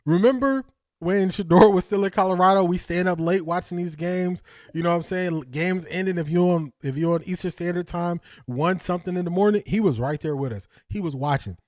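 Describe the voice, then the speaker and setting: Male streamer host, higher voice, dry close mic, animated slangy commentary. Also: a little fast, no room sound. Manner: animated, slangy, laughs often, talks to chat. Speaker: livestream host. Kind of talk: casual livestream commentary.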